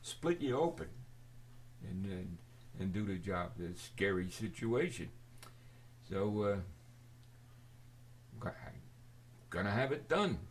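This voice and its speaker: An older man telling a rambling personal story to his camera, halting and forgetful, with many restarts and fillers. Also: low voice, very animated, a little hiss or hum. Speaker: video storyteller.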